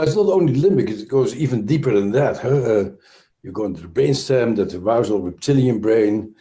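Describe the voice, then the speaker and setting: A man's voice: mid-range voice, dark tone. A man with a Dutch accent, a trauma expert speaking as an interview guest, explaining thoughtfully with frequent restarts and fillers.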